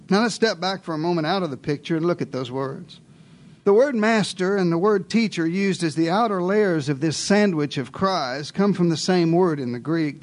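A man preaching a dramatic sermon, telling the story in first person as one of the disciples, swinging between hushed asides and raised exclamations and asking his listeners questions. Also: high-pitched. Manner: addresses listeners directly with rhetorical questions.

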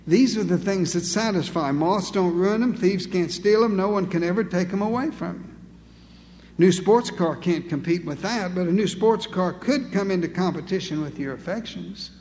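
A man's voice: sits high, a little mellow, big-room sound, slight background noise. A male pastor preaching an emphatic, rhetorical sermon with dry humor.

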